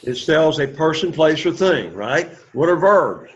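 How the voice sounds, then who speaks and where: A man's voice: fairly high pitch, big pitch swings, unhurried. A man leads a classroom lesson in a slightly raised voice, cheering his students on and having them say each word back to him. The recording is dull and lo-fi, taken in the classroom. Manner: encouraging, repeats words for the class to echo. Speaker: Greek teacher. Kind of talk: classroom lecture.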